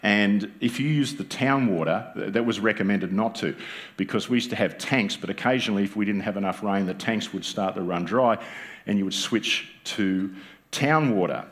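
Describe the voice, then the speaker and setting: In a church, an Australian pastor with a lowish voice preaches a sermon at a normal speed. He keeps it conversational, jokes with the congregation and often poses rhetorical questions.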